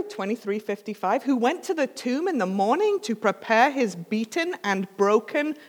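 A woman's voice: mid-range voice, darkish tone. Coughing woman preacher in a reverberant hall. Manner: casual, emphatic, humorous asides. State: coughing, dry throat. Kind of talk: storytelling sermon.

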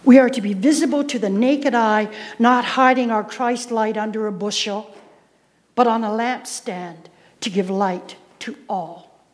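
A woman's voice: a little high, measured pace. A woman preacher giving a sermon, emphatic, repeating key phrases and putting questions to the congregation. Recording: reverberant hall sound.

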